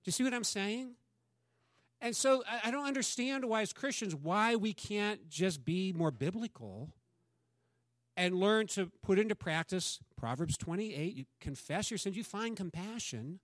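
Pastor guy, fairly high voice, chatty sermon, dry close sound. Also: lively intonation, a little slow, no echo. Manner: conversational preaching, acts out quoted dialogue.

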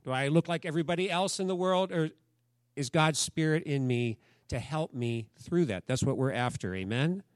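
This sermon comes from a pastor whose voice is slightly high and whose speed is normal. He preaches in a chatty, story-driven manner, asking the congregation questions, captured in clean studio audio with no room sound.

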